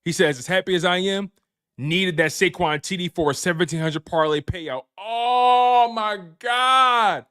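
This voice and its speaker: A man with a slightly high voice keeps a steady tone at a moderate pace, sounding a bit bright. He hosts an excited sports recap on a live-stream, speaking directly to his chat, leaning on repeated phrases, and reading super chats.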